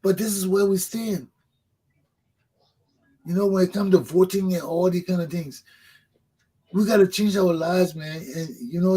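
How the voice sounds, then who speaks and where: A man's voice: high-pitched, mellow, husky, low-quality recording. A man, hosting a talk show, delivering a fervent political monologue that preaches, repeats points for emphasis and swears. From Liberia.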